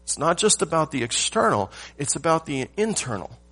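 A male pastor preaching a sermon, stressing key words with pauses and rhetorical questions. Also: on the high side, very animated, a bit bright, husky, faint music behind.

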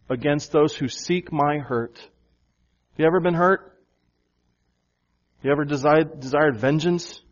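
A pastor preaches to his congregation, building each point with repeated phrases and rhetorical questions. His voice sits a little high for a man and he takes his time. The recording is dull and lo-fi. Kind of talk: sermon. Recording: dull, lo-fi sound.

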